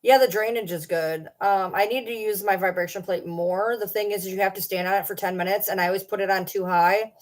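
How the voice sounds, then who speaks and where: A woman's voice: mid-range voice, steady tone, a little fast, hardly any pauses. A young adult woman chatting casually on a livestream from home, rambling and joking about herself. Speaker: streamer.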